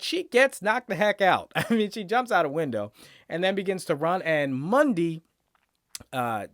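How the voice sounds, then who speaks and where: A man's voice: fairly high pitch, dry recording, studio quality. A man hosting a reaction channel, recapping a TV episode in a casual, rambling way while thinking aloud.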